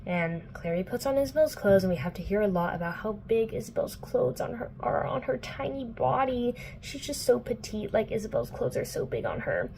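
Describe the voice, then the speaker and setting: A woman's voice: fairly high pitch, very animated, fairly quick, vocal fry, few pauses, a little mellow, a little hiss or hum. A young woman book vlogger casually recapping a plot indoors, chatty and playful, full of "like" and swearing. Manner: chatty, filler-heavy, profane, playful.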